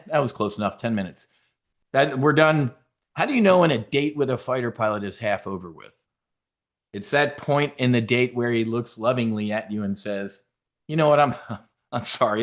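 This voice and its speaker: Brash swearing man talking trading. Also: mid-range voice. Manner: brash, animated, swearing, jokey asides. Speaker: options trading host. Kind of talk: casual seminar talk.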